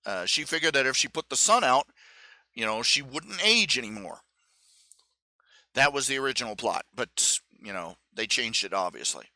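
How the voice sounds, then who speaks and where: A man rambles through casual stream commentary, full of fillers, restarts and acted-out quotes. His voice is very bright and swings widely in pitch. The sound is close and dry. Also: animated, moderate pace, no room sound. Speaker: live stream host.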